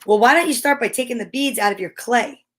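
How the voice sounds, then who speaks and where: A woman's voice: on the high side, fast talker, fairly bright tone, natural voice. A woman reading a storybook voicing a helpful, patient older brother. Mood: bossy.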